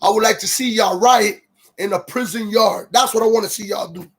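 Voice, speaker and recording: A high-pitched man delivers a heated, profanity-heavy rant as the host of his own livestream. He keeps stopping to read viewer comments aloud before he launches back into his tirade. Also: fairly quick, a bit bright, slightly rough. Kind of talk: ranting livestream monologue.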